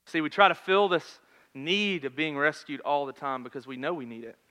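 Guy in his 30s preaching, bright forceful voice, chatty, gets loud then real quiet. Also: on the high side, animated, normal speed. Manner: conversational, swings from loud to hushed. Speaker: pastor. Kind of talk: sermon with personal story.

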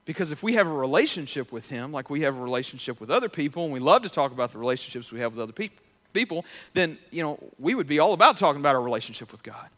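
A man's voice: on the high side, very animated, rapid-fire, a bit bright. A man pastor preaching a sermon in a conversational way, with frequent restarts and fillers.

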